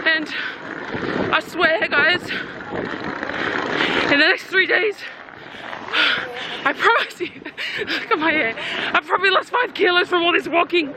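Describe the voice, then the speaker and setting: A woman's voice: extremely high pitch, a little slow, long pauses. A woman vlogging casually to camera while travelling, chatting to her viewers. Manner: chatty, addresses viewers as guys. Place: travelling through airport and outdoors. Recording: noisy background.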